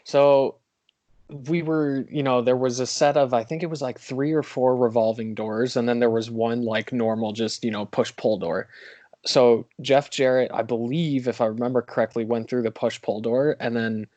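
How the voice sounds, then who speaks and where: A man's voice: mid-range voice, normal speed, no room sound. Young man animatedly retelling a story. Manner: animated retelling with hedges and asides. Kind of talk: casual storytelling chat.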